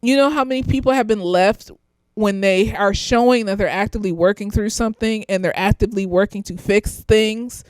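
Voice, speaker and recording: Talking briskly, a young woman gives a loose, somewhat tipsy TV series review as a therapist. Frequent laughter, open swearing and sudden high squeals of excitement fill the echo-free recording.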